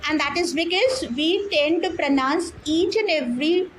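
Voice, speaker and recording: A woman with an Indian English accent in a casual English-practice conversation, talking quickly and chattily with many "like, you know" fillers. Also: extremely high pitch, noisy background. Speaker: conversation partner.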